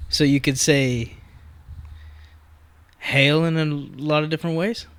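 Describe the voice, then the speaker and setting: A man co-hosting a podcast, joking around with quick retorts in casual chat. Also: on the high side, steady tone, a bit bright, smooth, no echo. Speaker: podcast co-host.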